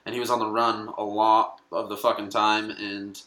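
A man rambles through casual podcast talk, swearing and laughing as he goes. His voice is bright and clear, with the room's echo around it. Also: lowish voice, little pitch movement, moderate pace. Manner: rambling, profane, laughing often. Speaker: comedian guest.

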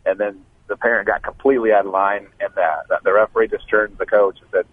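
A man calling in to a radio show, telling a story in a quick, chatty way. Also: low voice, level tone. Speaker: caller. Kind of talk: phone-in anecdote. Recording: tinny phone line.

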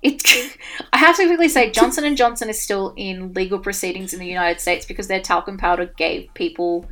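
A woman co-hosting a casual commentary chat, animated and laughing often as she reads out quotes. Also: mid-range voice, a little fast. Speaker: co-host reacting to a debate.

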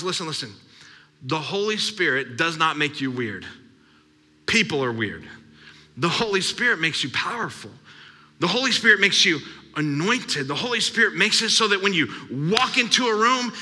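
A man's voice: sits high, animated, normal speed, sharp tone. A man in his thirties preaching a sermon as pastor, emphatic and repetitive. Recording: long hall reverb.

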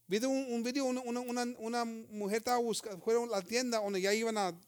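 Male preacher, high voice, fervent emphatic sermon with frequent amens. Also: steady tone, racing, smooth.

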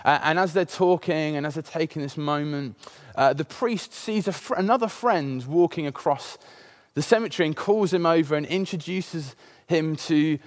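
A man's voice: on the high side, normal speed. A man in his thirties preaching a sermon, opening with a personal story in a conversational way and many filler sounds.

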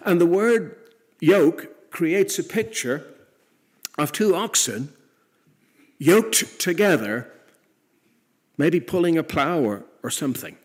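A man preaching a sermon in an earnest way, rising to emphatic peaks and then dropping soft. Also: on the high side, animated, slow pace, long pauses, husky.

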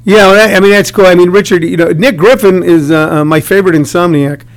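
A man's voice: high voice, fairly even intonation, fast talker. A middle-aged man hosting a casual interview, rambling and joking with many restarts. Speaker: radio host interviewing comedians.

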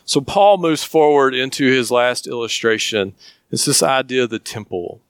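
A man's voice: mid-range voice, normal speed, clear, resonant tone, no room sound, studio quality. A man with a Southern US accent preaching a sermon as a pastor, earnest and emphatic, often asking questions.

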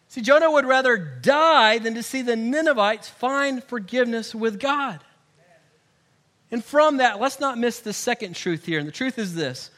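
Casting note: middle-aged male pastor, very high bright voice, animated sermon delivery. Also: moderate pace. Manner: animated, swings from hushed to loud, acts out quoted voices.

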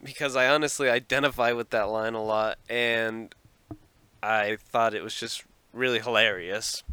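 A man talking alone into his podcast mic from a small closet. He rambles and laughs at himself a lot. His voice is smooth and resonant, pitched in the middle. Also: fairly even intonation, moderate pace, pushed and bright, no echo, rough recording. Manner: rambling, self-deprecating, laughs often. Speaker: podcast host. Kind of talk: solo podcast monologue.

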